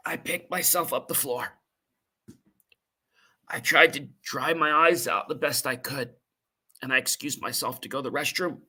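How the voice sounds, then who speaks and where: Male podcast host, husky and bright, earnest emotional storyteller, halting delivery. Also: fairly high pitch. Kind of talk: personal storytelling monologue.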